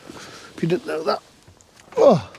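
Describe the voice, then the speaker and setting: This vlog host's voice is on the high side, gravelly and mellow, slow and full of huge pitch swings, with slight background noise. He looks over an old car in a cold scrapyard, giving chatty, wry commentary to camera while muttering to himself.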